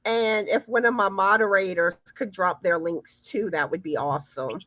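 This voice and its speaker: A woman's voice: medium pitch, normal speed, a bit bright, no room sound. A woman hosting a casual live chat, chatty and often repeating words as she starts a sentence. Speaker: livestream host.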